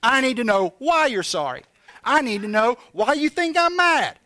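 Bright, high-voiced preacher man. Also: normal speed, no echo. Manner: animated, confessional, jokey asides to the congregation. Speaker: pastor. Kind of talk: conversational sermon.

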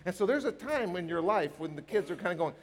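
A man preaching a sermon as a pastor, emphatic and animated, acting out bits of dialogue. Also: high-pitched, fast talker. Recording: reverberant hall.

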